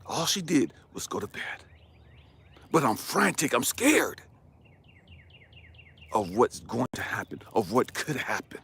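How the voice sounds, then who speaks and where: Husky, animated man telling a story. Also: lowish voice. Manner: passionate, swings between hushed and loud, swears freely. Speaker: life coach and speaker. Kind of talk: emotional personal storytelling.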